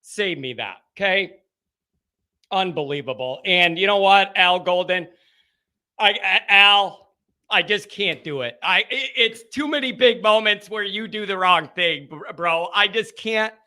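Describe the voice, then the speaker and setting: A man's voice: sits high, a little slow, bright, forceful tone. A man hosting a live sports talk show, exasperated and rambling, with sighs between thoughts.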